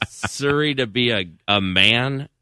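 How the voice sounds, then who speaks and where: A man cohosting a radio show, making quick wisecracks. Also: medium pitch, very noisy. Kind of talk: casual radio banter.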